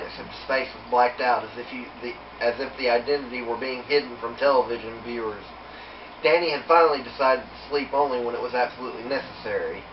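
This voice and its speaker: A man reading his own horror story aloud in a steady, unhurried storytelling manner. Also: mid-range voice, background noise. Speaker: author reading his book. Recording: roomy, distant, dull home recording.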